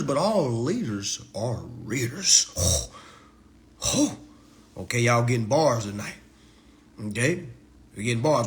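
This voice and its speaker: A man, hosting a consumer law talk stream in a preachy, excitable style that swings between hushed asides and loud outbursts. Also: medium pitch. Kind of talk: animated live-stream lecture.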